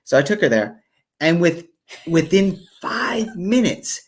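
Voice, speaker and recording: A man's voice: high-pitched, very animated, slow. A man co-hosting a live devotional stream, telling a travel story hesitantly with many fillers and restarts. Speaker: co-host. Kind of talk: casual storytelling.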